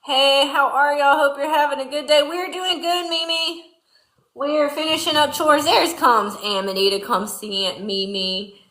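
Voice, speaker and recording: A chatty Southern woman with a Louisiana twang, talking folksy and easy as she reads viewer comments during barn chores. Her voice sits a touch high and sounds bright and forceful. The echoey barn rings around her phone mic. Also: fairly even intonation, unhurried. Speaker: farm livestream host. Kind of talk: casual livestream chat reading viewer comments.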